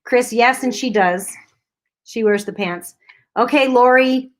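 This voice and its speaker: A woman's voice: fairly high pitch, measured pace. A woman co-hosting a giveaway livestream, chatting casually and laughing often. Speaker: co-host.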